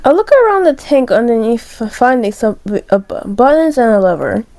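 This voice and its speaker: A woman's voice: a little high, sing-song, normal speed, warm tone, no room sound, rough recording. A young woman reading a dating sim aloud, stumbling over words and breaking into dramatic shrieks. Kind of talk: reading game text aloud with reactions.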